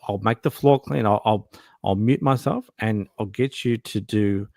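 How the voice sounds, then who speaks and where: A man's voice: lowish voice, moderate pace, creaky, a little mellow, no echo. A man hosting a casual video-call chat, often restarting and repeating words. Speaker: host.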